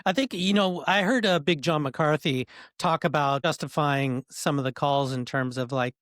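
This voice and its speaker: A man hosting a podcast in a relaxed way, mostly giving short agreeing replies and joking now and then. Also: fairly high pitch, normal speed, dry recording, clean studio sound. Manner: laid-back, brief agreeing replies and joking asides. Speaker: podcast host. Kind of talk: casual podcast conversation.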